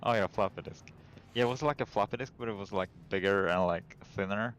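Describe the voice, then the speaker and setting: A man's voice: fairly low pitch, a little fast, a little hiss or hum. A man who is not a native English speaker, a game artist chatting casually on a stream, often hesitating and searching for words. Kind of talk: casual dev stream chat.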